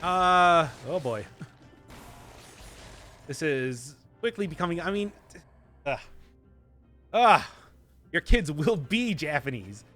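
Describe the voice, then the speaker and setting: Lively Midwestern man streaming a game. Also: a little high, slow, long pauses, soft background music. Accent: Midwestern American. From Wisconsin, USA. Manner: chatty, laughs often, odd emphasis on words. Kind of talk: live gameplay commentary.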